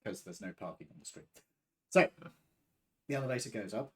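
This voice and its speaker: A man's voice: fairly low pitch, animated, brisk. A man narrating a tabletop game as game master, describing scenes with the odd filler.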